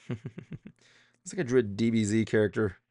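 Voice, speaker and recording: A man's voice: on the low side, steady tone, moderate pace, dark tone, no room sound, studio quality. A man streaming himself drawing, thinking aloud in a rambling, self-deprecating way with many fillers. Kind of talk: casual streaming chat while drawing.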